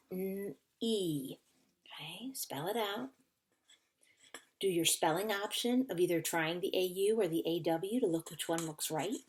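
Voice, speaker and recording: Slow, patient woman teaching phonics. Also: fairly low pitch, a little mellow. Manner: slow, patient, carefully sounding out words. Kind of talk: recorded phonics lesson for children. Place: indoors at a whiteboard.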